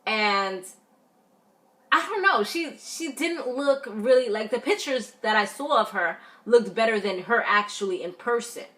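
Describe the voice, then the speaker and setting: Woman vlogger, casual recap; animated, blunt, filler-heavy delivery. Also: on the high side, measured pace. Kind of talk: casual review chat.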